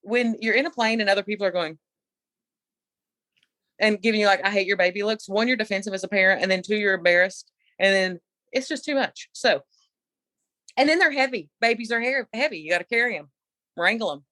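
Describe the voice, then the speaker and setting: A middle-aged woman co-hosting a podcast, telling a story in an animated, opinionated casual chat. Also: mid-range voice, a little fast, pauses often, dry recording. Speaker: podcast co-host.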